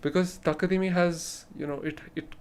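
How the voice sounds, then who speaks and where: A man's voice: a little high, fairly even intonation, normal speed, clear, resonant tone. A man teaching rhythm in an online lesson, explaining patiently and chanting rhythm syllables to demonstrate. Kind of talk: spoken lesson with vocal rhythm demos.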